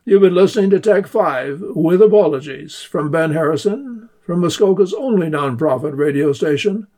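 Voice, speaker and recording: A man hosting a community radio segment, telling the history of a joke form in unhurried scripted narration and reading the jokes aloud in playful voices. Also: on the high side, lively intonation, a little mellow. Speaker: radio host.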